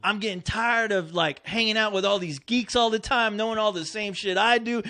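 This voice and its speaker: A man's voice: sits high, normal speed, sharp tone. A man co-hosting a casual podcast, telling a story with lots of laughter and acting out his friends' lines. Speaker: podcast co-host.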